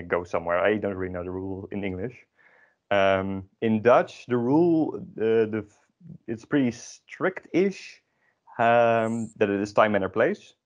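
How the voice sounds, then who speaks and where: A man's voice: lowish voice, muffled recording. A man teaching an online grammar lesson, explaining patiently with many ums and restarts. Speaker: Dutch language teacher.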